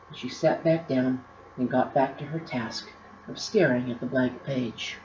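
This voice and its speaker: A woman, the author, reading her own storybook aloud with expressive, drawn-out emphasis. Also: rumbling low, background noise. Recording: roomy, slightly dull recording.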